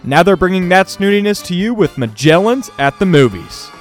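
A man's voice: sits high, expressive, normal speed, voice pushed up. A man voicing a grandiose movie-trailer announcer in a mock-pompous comic show intro. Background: faint music bed.

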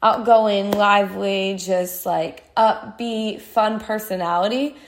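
A woman in her twenties speaks slowly, her mid-range voice fairly even in intonation, while hosting a podcast. She offers a casual, personal, heartfelt monologue about her feelings, with many uses of "like."

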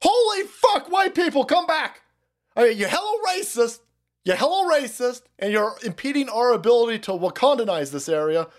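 A man voicing a frantic, pleading man who shouts in panic, shrill and strained. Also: very animated, normal speed. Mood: frantic, begging.

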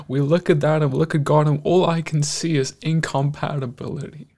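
A male host giving a devotional, sermon-style talk, earnest and emotional, with frequent pauses and restarts. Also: fairly high pitch, fairly even intonation, darkish tone. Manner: earnest, emotional, pausing often.

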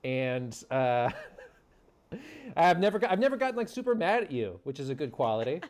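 A man in casual chat as a podcast guest, animated and quick to get riled up. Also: on the high side.

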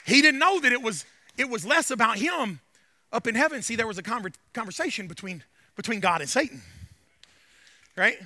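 A male pastor preaching a fervent sermon, repeating lines and rising to shouts. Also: very high voice, big pitch swings, a little fast, pauses often, no room sound. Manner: fervent, repetitive, builds to shouting.

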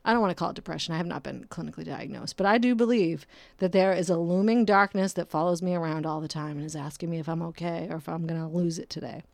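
A woman's voice: fairly low pitch, fast talker, vocal fry, a little mellow, dry recording. A woman in her thirties hosting a casual solo podcast, rambling and self-mocking, laughing often and swearing casually. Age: 30s. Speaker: podcast host.

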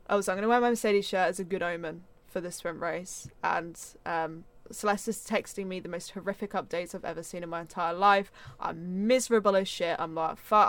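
A young woman from England co-hosting a casual podcast chat, telling an excitable story, swearing freely and acting out her own reactions. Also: mid-range voice, no room sound. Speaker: podcast co-host.

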